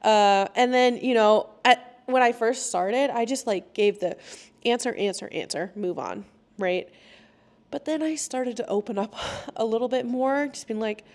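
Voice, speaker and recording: A young adult woman hosting a casual solo podcast, chatty and laughing often, sometimes acting out quoted lines in a higher voice. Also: unhurried, a little mellow. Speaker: podcast host.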